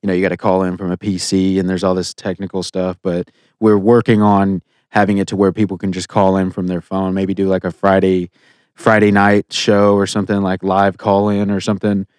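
Man, podcast co-host, low-pitched, dry close sound, rambling with fillers. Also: flat delivery, brisk, a little mellow, smooth, no room sound. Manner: rambling, many fillers and restarts. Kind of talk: casual podcast chat.

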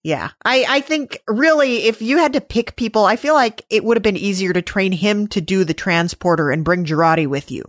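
A woman's voice: mid-range voice, brisk, hardly any pauses, dry recording, clean studio sound. A woman co-hosting a casual fan discussion podcast, easygoing and wry. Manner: easygoing, wry, full of comparisons. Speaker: podcast co-host.

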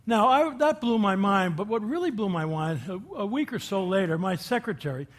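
This guest speaker has a high voice and an animated, brisk delivery. Addressing a group, he shares folksy stories in an inspirational talk and keeps asking his listeners questions.

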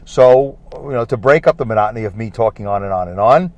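A man's voice: fairly low pitch, fast talker, a little mellow, no room sound. A man with a Brooklyn accent hosting a rambling solo podcast, chatty, repetitive and self-deprecating. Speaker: podcast host. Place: in a parked car.

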